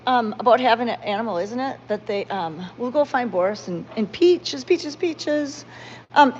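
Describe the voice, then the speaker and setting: Woman livestreaming, slightly high, dull lo-fi sound. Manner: rambling, heartfelt, greets viewers by name. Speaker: cat sanctuary owner hosting a livestream. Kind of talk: live-stream chat with viewers. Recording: dull lo-fi sound with faint background noise.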